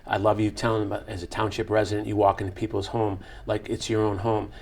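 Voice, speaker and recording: A man's voice: lowish voice, level tone, fairly quick. A man who is a fire chief hosting an interview, praising his guest and asking open questions.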